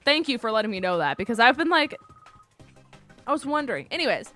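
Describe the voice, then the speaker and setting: A woman's voice: fairly high pitch, sing-song, fast, pauses often, sharp tone, faint music behind. A woman streaming a video game, chatting playfully with her chat and reading game dialogue aloud in put-on voices. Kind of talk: casual game commentary.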